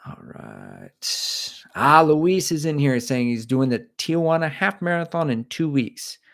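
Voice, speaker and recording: A man's voice: fairly high pitch, very animated, unhurried, gravelly, fairly bright tone. A middle-aged man hosting a casual livestream, reading out viewer comments and chatting in a rambling, self-deprecating way.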